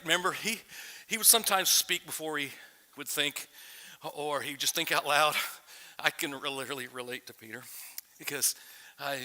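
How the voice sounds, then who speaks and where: A man preaching a sermon in a casual, conversational way, restarting phrases and swinging from loud emphasis to quiet asides. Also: a little high. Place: church sanctuary. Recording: long reverb of a church hall.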